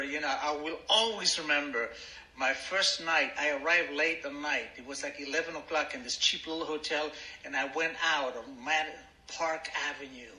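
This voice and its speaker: Older Argentine man, sharp bright voice. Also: on the high side, echoey room, low-quality recording. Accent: Argentine Spanish. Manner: humorous, self-mocking storyteller. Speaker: speaker at a recovery meeting. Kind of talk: personal story told to a meeting.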